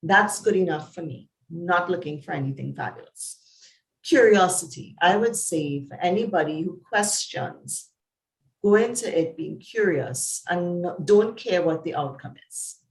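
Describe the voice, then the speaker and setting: A Trinidadian woman, a psychologist, talks in an interview as an animated storyteller, laughing and jumping up and down in pitch. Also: a little slow, reverberant, rough recording. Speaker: psychologist guest. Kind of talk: conversational interview.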